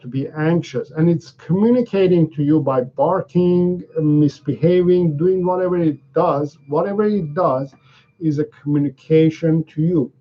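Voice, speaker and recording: Higher-voiced man teaching dog training. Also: lo-fi sound. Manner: repetitive, restarts sentences, checks understanding. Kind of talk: live Q&A lesson.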